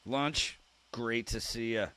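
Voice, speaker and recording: A man's voice: medium pitch, steady tone, slow pace, sharp tone, clean tone. Chatty man streaming live. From Canada. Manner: chatty, friendly, joking with chat. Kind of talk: casual live-stream chat, reading viewer comments aloud.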